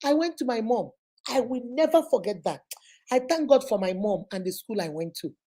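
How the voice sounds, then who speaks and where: A woman with a Nigerian accent telling personal stories in a lively way, acting out what her family said and dropping in Igbo words. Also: a little high, moderate pace. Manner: animated, acts out quoted family members; drops Igbo words into speech. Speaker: motivational vlogger. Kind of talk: personal storytelling monologue.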